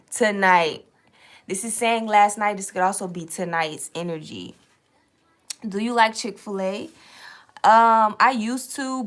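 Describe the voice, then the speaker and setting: A woman's voice: medium pitch, fairly bright tone. A young woman hosting a late-night tarot live stream, chatting loosely with viewers, reading out their comments and swearing freely.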